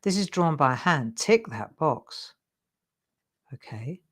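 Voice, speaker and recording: Chatty woman, low voice. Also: sing-song, slow, slightly rough. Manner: chatty, self-deprecating, encouraging. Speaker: craft show host. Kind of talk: live craft demonstration.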